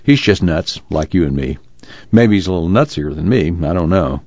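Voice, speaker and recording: A man voicing an easygoing young mechanic who talks in a lively, wry drawl. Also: sits low, normal speed, dry recording. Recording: dull lo-fi recording.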